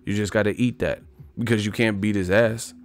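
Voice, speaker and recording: A man's voice: lowish voice, fairly even intonation, fairly quick. A man hosting a livestream, rambling profanely about boxing in casual talk, often laughing. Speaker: livestream host.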